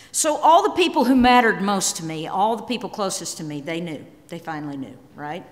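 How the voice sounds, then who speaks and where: A middle-aged woman giving a candid, emotional personal talk on stage, swinging between quiet and emphatic. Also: fairly low pitch, lively intonation, brisk, hardly any pauses. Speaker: speaker. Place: large hall. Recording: long hall reverb.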